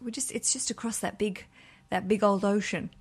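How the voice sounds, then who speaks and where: A woman's voice: medium pitch, steady tone, moderate pace, slightly rough. A woman hosting a podcast in a casual chat, chatty and bubbly, laughing often. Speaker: podcast host.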